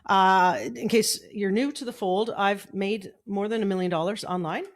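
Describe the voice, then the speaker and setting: Speaking at normal speed with a medium pitch, a middle-aged businesswoman coaches viewers in a relaxed Facebook Live session. She's upbeat and talkative while adjusting her home setup, and her desk mic gets shifted around as she streams.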